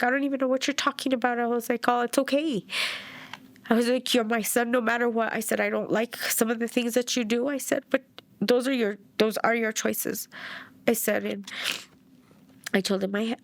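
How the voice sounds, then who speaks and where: Gravelly middle-aged woman telling her story. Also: a little high. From New Mexico. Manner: plainspoken storytelling that acts out past dialogue. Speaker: bereaved mother. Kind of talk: documentary interview testimony.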